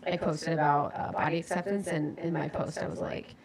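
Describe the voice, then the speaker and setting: Young woman podcast cohost, chatty and laughy, sounds far off the mic with loud crowd noise behind. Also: sits low, steady tone, brisk. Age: young adult. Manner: chatty, laughing storyteller, slangy. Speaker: podcast co-host. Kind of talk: casual chat.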